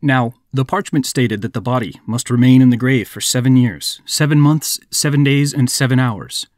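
Male podcast narrator, mid-pitch, dry booth sound, measured folk-tale reading. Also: darkish tone, no echo. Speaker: podcast host.

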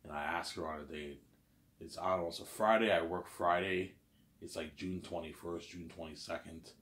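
A man's voice: deep voice, steady tone, normal speed, fairly bright tone. A man telling a story in a casual, rambling monologue, repeating himself and asking "you know what I'm saying?". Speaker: vlogger.

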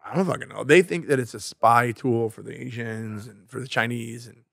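A man co-hosting a casual podcast chat, blunt and animated, swearing freely as he tells stories. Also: mid-range voice, fairly quick, gravelly, no echo, clean studio sound. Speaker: podcast co-host. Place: podcast studio.

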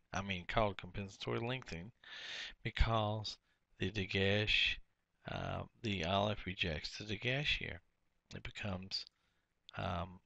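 A man's voice: fairly low pitch, creaky, pushed and bright, no room sound. A man teaching a workbook lesson, explaining each step and repeating key words.

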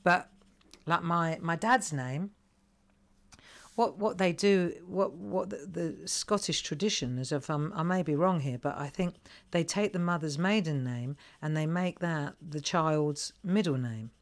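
A woman's voice: low-pitched, unhurried. A middle-aged woman hosting a live crafting tutorial, chatting to viewers and thinking aloud as she colours. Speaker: craft host.

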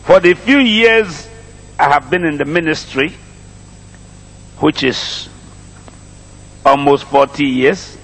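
Husky-voiced Nigerian preacher, lively and slow. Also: male voice, a little high, long reverb tail. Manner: calls for congregation responses, repeats phrases, stretches words slowly. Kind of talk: sermon. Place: church congregation.

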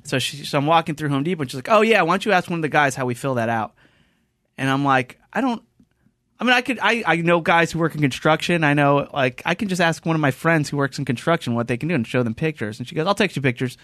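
A man talks fast and animatedly as the host of a casual studio chat, slipping into the voices of the people in his story. His voice sits a bit high for a man. The sound is close and dry, with no room echo. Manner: animated storyteller, acts out quotes. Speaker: podcast host. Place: podcast studio.

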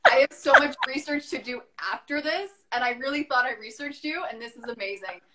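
A woman's voice: high voice, animated, brisk, over a noisy crowd, poor audio. A woman hosting a live online chat, upbeat and reading viewer comments aloud. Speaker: host. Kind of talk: casual chat.

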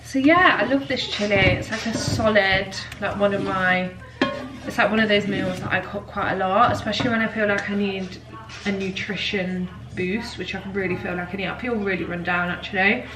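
A woman's voice: medium pitch, steady tone, moderate pace, over music, low-quality recording. A young woman chatting casually to camera at home, gushing and rambling with lots of "like"s. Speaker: vlogger. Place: at home, kitchen.

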